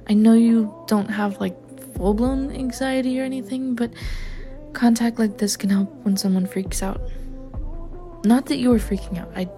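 A young woman acting out a caring partner in an audio role-play, talking gently and reassuringly with light teasing. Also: medium pitch, natural voice.

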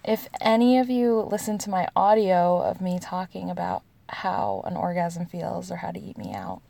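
An American woman in her thirties tells personal stories in a casual, confessional way, answering questions with frequent laughter and plenty of "like"s. Her voice sits on the low side, with vocal fry and a warm tone, and she speaks animatedly at a normal speed.

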